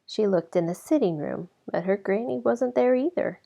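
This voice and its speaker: A woman reading a children's storybook aloud as narrator, in an expressive way that slows down for effect. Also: mid-range voice, gravelly. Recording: slightly dull lo-fi recording.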